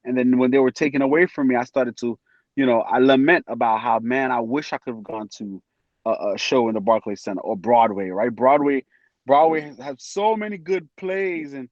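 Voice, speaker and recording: A man talking as a podcast guest in an animated, casual way, acting out his friends' voices as he tells stories. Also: mid-range voice, moderate pace, no room sound. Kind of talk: casual chat. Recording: dry, dull lo-fi sound.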